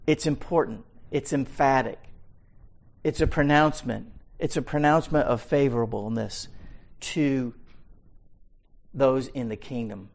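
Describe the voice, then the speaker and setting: Gravelly guy preaching slow, bible study vibe, keeps repeating stuff for emphasis. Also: medium pitch. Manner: emphatic, repeats key words, rises loud on key points. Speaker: Bible teacher.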